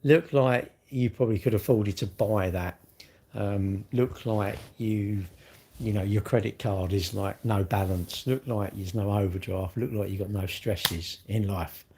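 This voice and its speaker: A man's voice: lowish voice, steady tone, measured pace, mellow. A middle-aged man, chatting bluntly and mockingly as he reads comments on a live stream. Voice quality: gravelly, husky. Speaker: livestream host reading comments. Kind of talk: casual live-stream chat.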